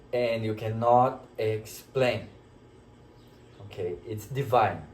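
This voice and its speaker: Slow, reflective man in an echoey room. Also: mid-range voice, darkish tone, slight background noise. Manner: slow, emotional, reflective, pausing often. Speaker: spiritual teacher sharing a personal experience. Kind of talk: reflective personal storytelling.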